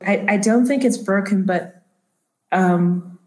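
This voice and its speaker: A woman's voice: mid-range voice, takes it slowly, darkish tone, lightly acted. A woman voicing a startled, flustered woman doctor who stammers and trips over her words. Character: panicked woman doctor, middle-aged, breathless. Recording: echoey room.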